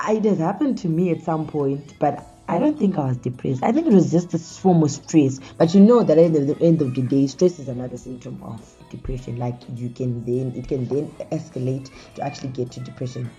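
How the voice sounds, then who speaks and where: A woman's voice: a bass voice, mellow. A woman hosting a casual talk show, speaking conversationally and often calling her listeners "guys". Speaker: host.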